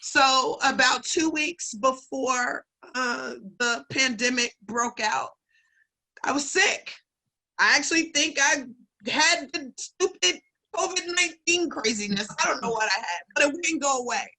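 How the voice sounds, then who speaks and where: A woman speaks with strong feeling in a personal testimony. Her voice sits high and sounds bright. She goes from excited retelling to hushed, tender phrases. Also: a little slow, low-quality recording. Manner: heartfelt, builds up to excited retelling then hushed. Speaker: speaker introducing the host.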